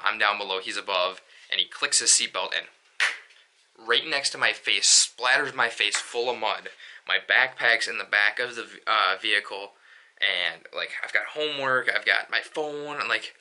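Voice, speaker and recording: Young male vlogger, casual rambling storyteller, low voice with a sharp bright edge. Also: normal speed. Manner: rambling, lots of fillers and restarts.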